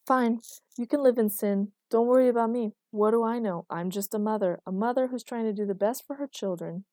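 A stern, proper older mother with a stiff, disapproving manner, voiced by a woman narrator. Her voice is warm and dark, recorded close and dry. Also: mid-range voice, brisk, dry recording, natural voice. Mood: guilt-tripping.

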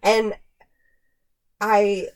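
A woman hosting a podcast in casual chat, animated and quick to laugh. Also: medium pitch, smooth. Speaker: podcast host.

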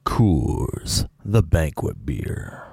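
A man putting on a gravelly, breathy impression of a deep-voiced beer commercial announcer. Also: very animated, drawn-out words, warm tone, dry recording, exaggerated voice.

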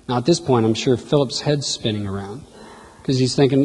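A man preaching a sermon in a conversational, animated way, addressing the congregation directly. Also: medium pitch, a little fast, husky. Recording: long hall reverb.

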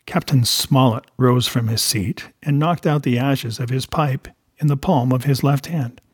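A man narrating a classic adventure novel in a measured storytelling voice. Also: mid-range voice, husky, dry recording, clean studio sound. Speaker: audiobook narrator.

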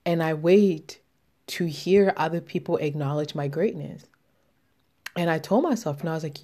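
A woman's voice: deep voice, normal speed. A young adult woman in a self-empowerment monologue, swinging from reflective musing to profane, fired-up declarations. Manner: profane, fired-up, rising to shouts.

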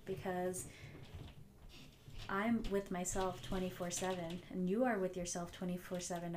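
A woman's voice: on the low side, darkish tone, a little hiss or hum. A woman hosting a solo motivational podcast, earnest and reflective, often repeating phrases for emphasis. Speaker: podcast host.

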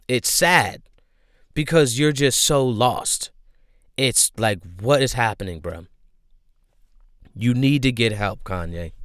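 A man's voice: medium pitch, a bit bright, clear, resonant tone, dry recording, studio quality. A young man giving a casual, slangy commentary rant, emphatic and repetitive, with frequent "bro" and "my guy". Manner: slangy, emphatic, repeats himself, leans on "bro".

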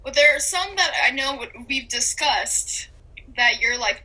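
A young woman co-hosting a podcast in casual chat, giggly and gushing with excitement. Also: on the high side, moderate pace, slightly rough, poor audio. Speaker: podcast co-host.

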